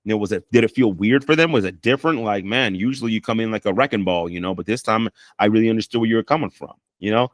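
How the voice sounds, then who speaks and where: This is a fairly low-pitched man talking fast with few pauses, captured in a dry, studio-quality recording. As a counselor and life coach, he covers communication skills in a casual way, often tagging lines with "right?" or "you know" and role-playing apologies and I-statements.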